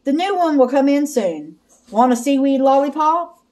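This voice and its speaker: A woman's voice: sits high, animated, normal speed, a little mellow, voice pushed up. A woman doing a jokey little dentist fish. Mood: playful. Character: cheerful tiny female dentist fish who loves jokes.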